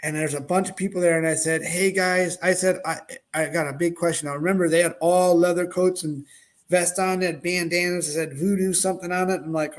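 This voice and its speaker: A middle-aged man telling a casual story in an animated way, acting out the voices of the people in it. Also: high-pitched, fairly quick. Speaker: host, product owner.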